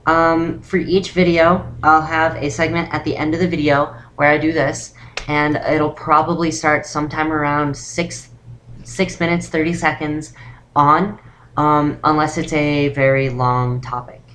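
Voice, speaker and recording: Low-voiced young woman rambling through a tutorial. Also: steady tone, measured pace, fairly bright tone, a little hiss or hum. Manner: rambling, full of "um" and "actually". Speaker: voice training vlogger. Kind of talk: casual beginner tutorial.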